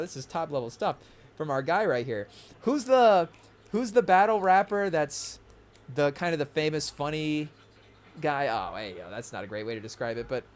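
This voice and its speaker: High-voiced man rambling as a podcast host. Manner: rambling, with fillers and restarts, addressing the chat. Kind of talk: casual podcast chat.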